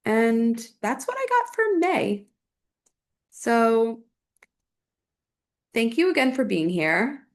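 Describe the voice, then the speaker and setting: A woman's voice: a little high, sing-song, slow, long pauses. A young adult woman hosting a solo astrology podcast, chatting casually and thinking aloud with lots of fillers.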